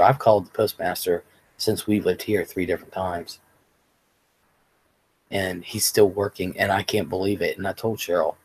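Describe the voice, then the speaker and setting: A man's voice: low-pitched, a little hiss or hum, rough recording. A man hosting a casual livestream, telling rambling, profane stories and chatting with viewers. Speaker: livestream host.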